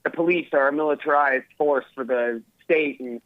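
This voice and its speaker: A male caller from the Los Angeles area who talks in a loose, rambling way and leans on fillers. His fairly high voice comes through a dull, muffled line with a dry sound. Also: normal speed, dry recording. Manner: casual, rambling, full of fillers like "like". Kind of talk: phone-in conversation.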